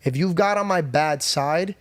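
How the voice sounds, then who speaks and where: A young man on a podcast telling a personal story in a candid, profane, animated way. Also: a little high, measured pace, no echo. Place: podcast studio.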